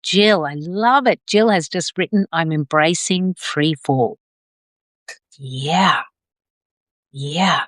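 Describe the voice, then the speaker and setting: Middle-aged female facilitator, lowish voice, soft and affirming, unhurried, dry close mic. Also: no echo. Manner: gentle, affirming, drawn-out phrasing. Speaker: circle facilitator. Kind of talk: live video circle, reading out comments.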